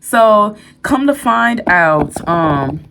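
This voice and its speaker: A woman's voice: medium pitch, lively intonation, drawn-out words, creaky, crowd noise. A woman telling a true story to the camera in a candid, rambling way, with fillers and restarts. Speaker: storyteller vlogger. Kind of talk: storytime vlog.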